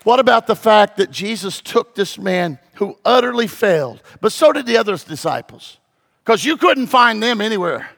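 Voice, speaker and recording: High-voiced pastor preaching with sweeping dynamics. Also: male voice, big pitch swings, moderate pace, creaky. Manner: dramatic, swings from hushed to shouting. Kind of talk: sermon. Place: church.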